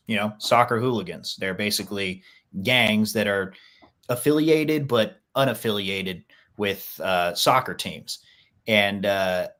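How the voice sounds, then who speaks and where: A man co-hosting a podcast in casual chat, rambling with lots of fillers. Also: fairly low pitch. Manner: rambling, many fillers, laid-back. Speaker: podcast co-host.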